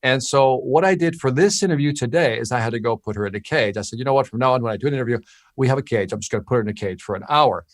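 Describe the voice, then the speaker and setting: A man's voice: medium pitch, rapid-fire, no room sound, clean studio sound. A man from Chicago co-hosting a podcast, telling stories animatedly and checking in with "right?". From Chicago, USA. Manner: animated storyteller, frequent "right?" check-ins. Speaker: podcast co-host. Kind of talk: casual storytelling chat.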